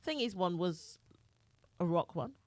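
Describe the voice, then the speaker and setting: A woman's voice: fairly low pitch, expressive, measured pace, darkish tone, no room sound, clean studio sound. A woman co-hosting a chat podcast, chatty and giggly as she asks the guest questions. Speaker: podcast co-host.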